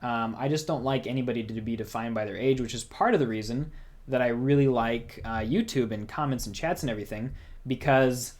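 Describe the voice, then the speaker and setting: A young man hosts a casual livestream, talking in a loose, rambling way with a voice of ordinary middle pitch. He keeps the chat going and reads out viewers' comments as he goes. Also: brisk, a little mellow. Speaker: music channel host.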